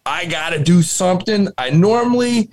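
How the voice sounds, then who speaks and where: A man with a fairly high, lively voice tells a wild story to his co-hosts in loose, profane chat. His delivery swings up and down as he builds each beat. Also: moderate pace. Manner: animated, swearing, laughing storyteller. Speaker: podcast co-host. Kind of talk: casual storytelling.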